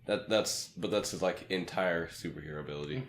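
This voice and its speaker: Low-voiced young man in an echoey room. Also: a little fast. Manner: rambling, filler-heavy, laughing. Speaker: podcast co-host. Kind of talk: casual podcast chat. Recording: echoey room with faint noise.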